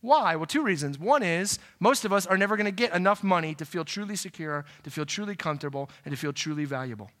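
A middle-aged male pastor delivering a sermon in a high, bright voice. He talks to the congregation like a conversation, checking in with "right?" and dropping from loud, driving emphasis to soft, quiet asides. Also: animated, fast talker, few pauses.

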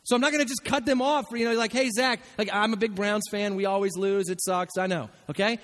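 A man preaching a sermon as pastor, animated and acting out the voices he quotes. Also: sits high, fast, long reverb tail.

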